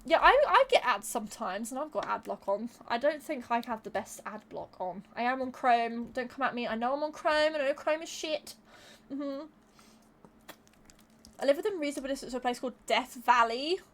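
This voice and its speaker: A woman's voice: high-pitched, lively intonation, fairly quick, a bit bright. A woman streamer chatting casually with her live viewers, laughing often, swearing freely and repeating words as she thinks.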